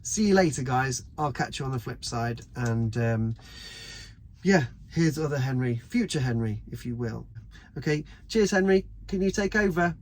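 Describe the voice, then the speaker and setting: A man's voice: mid-range voice, animated, normal speed, darkish tone, natural voice. A man playing his own earlier self, handing the show over with breezy sign-off banter. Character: earlier self of the host, male, cheerful.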